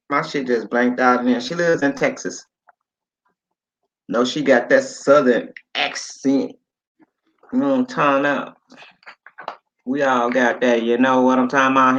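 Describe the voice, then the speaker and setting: A man's voice: mid-range voice, fairly bright tone, lo-fi sound. A man in his late fifties hosting a casual livestream chat, rambling and reading viewer comments aloud with casual swearing. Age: 50s. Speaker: livestream host. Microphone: phone.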